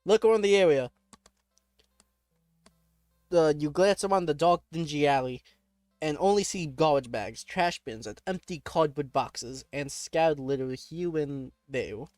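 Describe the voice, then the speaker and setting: A man's voice: a little high, unhurried, a little mellow, no room sound, soft background music. A man playing a text adventure, reading the game text aloud and reacting casually, laughing often and breaking off with startled exclamations.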